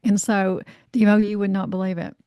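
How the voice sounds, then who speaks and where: Telling a lively story as a podcast interview guest, a North Carolina woman who works as a life coach voices the characters herself, says "you know" a lot, and curses freely. Her middle-pitched voice is clear and resonant at normal speed. The lo-fi recording sounds close and dry, with no room echo.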